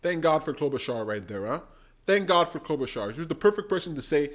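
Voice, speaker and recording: A man hosting a political commentary channel, reacting to debate clips with animated, indignant outbursts. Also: a little high, fast. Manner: animated, bursts into indignant exclamations.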